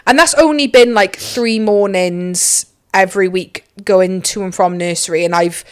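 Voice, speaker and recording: A young adult woman hosts a podcast in loose, casual conversation. She gushes with emphasis, swears freely, and piles up quick asides as she talks about what she has been reading. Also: medium pitch, clear, resonant tone. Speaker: podcast host. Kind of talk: casual chat.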